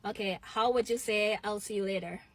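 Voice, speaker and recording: A woman's voice: medium pitch, fairly quick, heavy background noise. A woman from Barbados with a Barbadian accent, quizzing someone on slang and comparing phrases. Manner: quiz-like, asking and comparing phrases. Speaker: interviewer asking slang questions.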